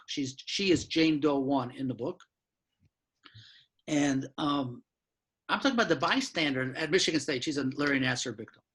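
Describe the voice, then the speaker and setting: Husky-voiced older man, blunt and frank. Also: on the high side, fairly bright tone. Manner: frank and blunt, with mild swearing and quick asides. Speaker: law professor and author giving a talk. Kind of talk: candid lecture-style talk. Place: his apartment.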